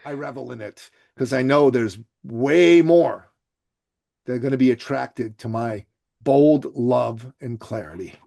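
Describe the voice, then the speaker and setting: A man born in Iran, speaking without an accent as a podcast guest, blunt and forceful, swearing freely and swinging between loud outbursts and quiet remarks. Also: medium pitch, takes it slowly, vocal fry. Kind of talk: forceful opinionated interview talk.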